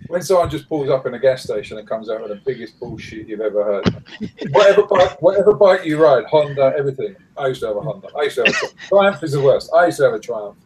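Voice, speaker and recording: Guy for a loose motorcycle chat, lively swooping delivery, noise in the background. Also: mid-range voice, fast talker. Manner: animated storytelling, mimics others. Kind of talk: casual group chat. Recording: noisy background.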